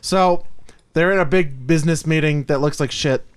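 A man's voice: on the high side, moderate pace, clean tone. A man co-hosting a comedy movie podcast, rambling and sarcastic with lots of profanity. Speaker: podcast co-host. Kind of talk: casual comedic movie review chat.

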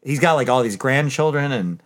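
A man's voice: mid-range voice, lively intonation, brisk, background noise. A man in casual podcast chat, retelling a movie's scenes and acting out the characters' lines. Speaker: podcast co-host.

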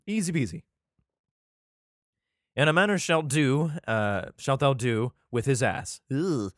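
An animated man reads archaic scripture aloud, tripping and restarting on the old wording. Between verses he drops into casual, irreverent commentary full of swearing and jokes, his pitch leaping around freely. The sound is dry and close. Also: takes it slowly, no room sound. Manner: irreverent, swearing, joking asides; stumbles and restarts while reading archaic text. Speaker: vlogger reading scripture aloud.

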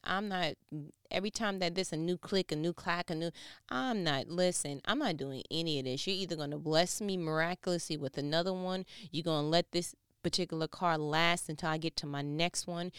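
A woman preaching a heartfelt sermon, emotional and near tears, dropping to hushed tones and rising to loud, passionate bursts. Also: low-pitched, normal speed, clear, resonant tone, dry recording, studio quality. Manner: impassioned, emotional, shifting between hushed and loud.

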